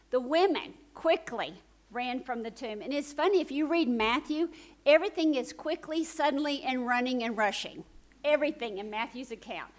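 Animated woman preaching a storytelling sermon. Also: high-pitched, normal speed, low-quality recording. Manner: animated retelling that swings from urgent to hushed.

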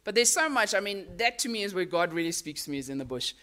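A woman's voice: medium pitch, animated, fast, sharp tone. A woman preaching a Mother's Day sermon at a church service, talking over slides in a conversational way with frequent restarts.

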